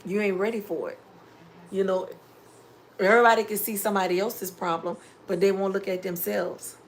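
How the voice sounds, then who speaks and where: A middle-aged woman vlogger chatting casually on a live stream, reading viewer comments and giving preachy, animated life advice. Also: mid-range voice, moderate pace, a little hiss or hum. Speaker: home DIY vlogger.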